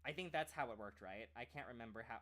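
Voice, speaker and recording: A man's voice: medium pitch, fast talker, bright, forceful tone. A man who streams and trains as a voice actor, chatting casually and rambling, with many "like" fillers and restarts. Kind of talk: casual chat.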